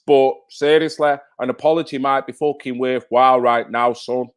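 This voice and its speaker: A man's voice: medium pitch, steady tone, normal speed, few pauses, clear, resonant tone. A man from North Manchester with a Mancunian accent, hosting a live stream and bantering with viewers in chat, swearing freely. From North Manchester, England. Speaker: livestream host.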